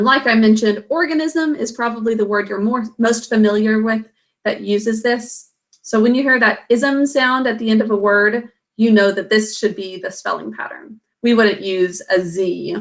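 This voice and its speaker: A woman teacher with a voice on the high side gives a recorded spelling lesson. She patiently sounds out words letter by letter and syllable by syllable.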